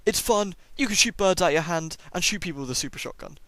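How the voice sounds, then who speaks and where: Man, sniffly cold, rapid chatty game review, dry close sound, fairly high voice. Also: expressive, fairly bright tone, no room sound. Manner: chatty and enthusiastic, many ums. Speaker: gaming YouTuber. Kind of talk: casual first-impressions review.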